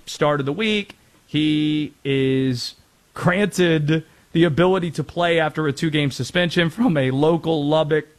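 A man from North Carolina hosting a casual sports talk show, chatty with rambling asides. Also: a little high. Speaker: sports radio host.

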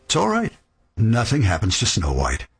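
An actor playing a gentle, kind middle-aged widower who speaks warmly to a child, in a radio drama with music behind. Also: male voice, lowish voice, huge pitch swings, moderate pace, creaky, slightly rough, full character voice. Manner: gentle, warm-hearted, reads stories in varied voices.

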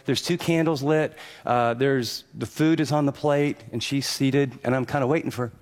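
A man's voice: medium pitch, steady tone, normal speed. A man preaching a sermon in an earnest, conversational way, often stumbling and repeating words. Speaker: pastor.

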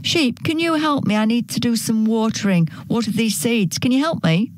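A woman's voice: a little high, lively intonation, normal speed, no echo, natural voice. A woman voicing a hardworking little hen who keeps politely asking for help in a storybook reading. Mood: pleading. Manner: pleading, polite, then firm.

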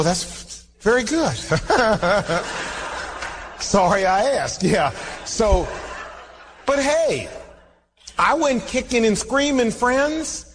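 A preacher with a high voice delivers an animated sermon, acting out the people in his stories. His voice rings with the long reverb of a large church hall. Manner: animated storytelling, acts out dialogue. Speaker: pastor.

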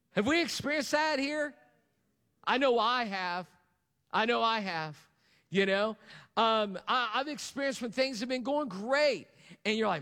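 A man with a notably high voice preaches unhurriedly to his congregation, drawing out his phrases and asking for responses. His words echo with the long reverb of a large church hall. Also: a bit bright. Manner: preaching to a congregation, calls for responses, repeats lines for emphasis. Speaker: pastor. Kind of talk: sermon.

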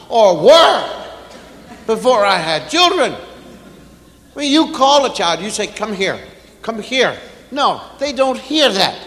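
A man performing a stand-up comedy routine, animated and repetitive as he mimics exasperated parents. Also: extremely high pitch, slight background noise. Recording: echoey theater with long reverb.

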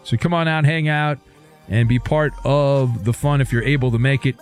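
A man hosts an overnight sports talk show in a high voice. He stretches his promos into grand, bombastic announcer flourishes and then takes calls. Faint music plays beneath him. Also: lively intonation, moderate pace. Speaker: radio show host. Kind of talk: late-night sports radio talk.

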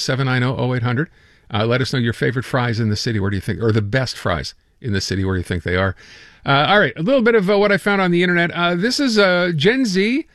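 Quick-talking radio host man. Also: a little high, a bit bright, no echo, clean studio sound. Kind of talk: casual radio chat.

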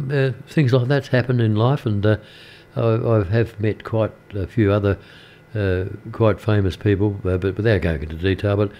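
An older Australian man presenting a community radio show, telling an anecdote in casual radio chat, rambling and hesitant with many pauses. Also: lowish voice, darkish tone. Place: radio studio.

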